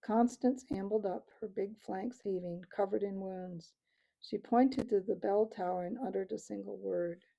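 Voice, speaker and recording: Storyteller, woman, calm steady read-aloud, very mellow voice. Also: mid-range voice, normal speed, gravelly, lo-fi sound. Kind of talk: reading a novel aloud.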